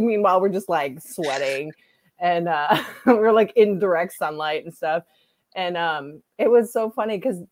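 A woman's voice: on the low side, dry recording. A middle-aged woman telling a rambling story in casual chat, laughing often as she goes.

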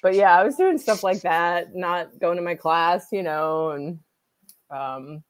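A woman's voice: fairly low pitch, measured pace, no echo. A middle-aged woman telling a rambling story in casual chat, laughing often as she goes.

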